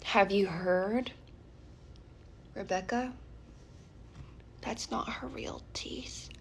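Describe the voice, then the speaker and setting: A woman voicing Meredith, a fake-friendly gossiping middle-aged woman, in a low conspiratorial voice. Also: normal speed, fairly bright tone, slight background noise, close to an everyday voice.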